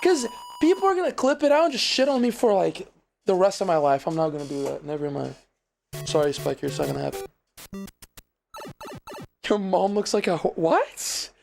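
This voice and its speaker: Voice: medium pitch, animated, normal speed, gravelly, pauses often. A streamer from Brazil, a Portuguese speaker, chatting casually and rambling with many fillers and swears. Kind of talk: casual live-stream chat. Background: music playing.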